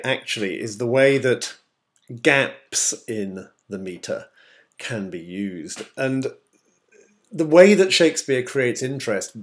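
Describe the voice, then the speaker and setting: An English male teacher giving a measured, explanatory screencast lecture with many pauses. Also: medium pitch, darkish tone. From England.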